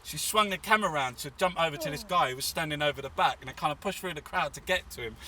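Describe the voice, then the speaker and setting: Man from England, very bright voice, rambling and swearing, outdoor city, distant mic, faint traffic. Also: fairly high pitch, fast. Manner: rambling, swearing, full of fillers. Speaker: artist and activist guest. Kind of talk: casual storytelling interview.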